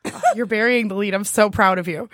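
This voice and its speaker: A woman co-hosting a casual chat, teasing her friend with quick jokes. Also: mid-range voice, steady tone, a bit bright, dry recording, studio quality. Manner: teasing, quick joking interjections. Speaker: podcast co-host.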